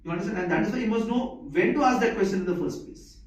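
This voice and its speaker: A man's voice: high voice, expressive, fast. Repetitive lecturing man in an echoey room. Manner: repeats key points, asks the audience if they follow. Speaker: medical lecturer. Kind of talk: live classroom lecture. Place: classroom or lecture hall. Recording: echoey, distant, muffled room recording.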